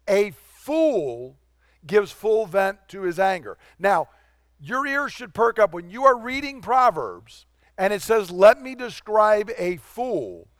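A male pastor preaching a sermon in a conversational way, slowing down to stress key phrases. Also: sits high, no room sound, studio quality.

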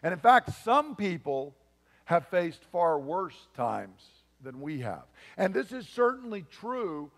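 Pastor, male, emphatic preaching with asides, higher voice, long church-hall echo. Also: sing-song, slow. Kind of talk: sermon.

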